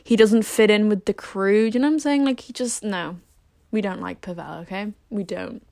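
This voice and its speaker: A woman's voice: medium pitch, normal speed, creaky, a little mellow, no echo. A young woman in her late teens chatting casually to the camera, rambling with lots of fillers and poking fun at herself. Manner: rambling, filler-heavy, self-deprecating. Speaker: vlogger.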